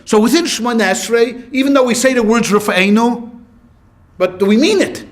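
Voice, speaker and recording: A rabbi with a very high-pitched voice teaches a class at a moderate pace, lively as he poses questions to the room and answers them himself. He also tells short anecdotes, voicing the quoted lines, in a classroom lecture style.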